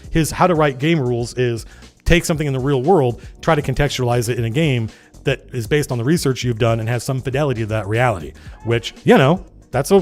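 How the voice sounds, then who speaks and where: A man hosting a casual livestream, reading old game zines aloud and breaking off into rambling, animated comments. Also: mid-range voice. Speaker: livestream host.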